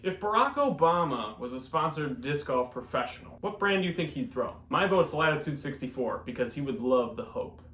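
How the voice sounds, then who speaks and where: Deadpan young man hosting comedy news. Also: fairly high pitch, moderate pace, few pauses. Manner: deadpan comedic delivery with sudden loud bursts. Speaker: host of a disc golf news show. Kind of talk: comedic news-style monologue. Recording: echoey room with faint background noise.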